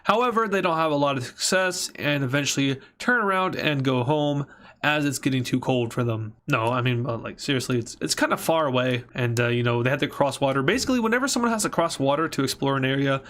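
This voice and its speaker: A man's voice: medium pitch, fast, fairly bright tone. A man casually narrating a map series, rambling and joking, often correcting himself mid-sentence.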